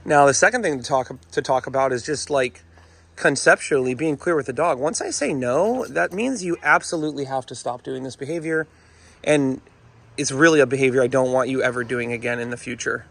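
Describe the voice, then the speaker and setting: A man's voice: medium pitch, steady tone, a little fast, vocal fry, a bit bright. A man who trains dogs, talking to viewers in a chatty, emphatic way and often calling them "folks". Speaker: dog trainer. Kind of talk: casual instructional vlog.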